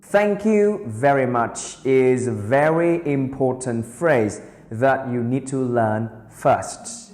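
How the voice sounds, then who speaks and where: A man teaching beginner English, speaking slowly and carefully and repeating each phrase for drilling. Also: mid-range voice. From Vietnam. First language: Vietnamese. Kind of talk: beginner language lesson. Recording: roomy reverberant sound with soft guitar music.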